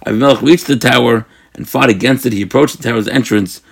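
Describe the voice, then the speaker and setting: A man's voice: mid-range voice, fast, vocal fry, breathy edge. A man teaching a daily Bible study lesson, reading verses aloud and then explaining them in plain words, often thinking aloud and correcting himself.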